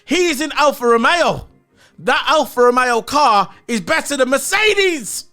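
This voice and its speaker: A man's voice: very high voice, animated, measured pace, bright, forceful tone, soft background music. A man giving a blunt, opinionated solo review of a race, swearing and repeating his points. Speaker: motorsport commentator.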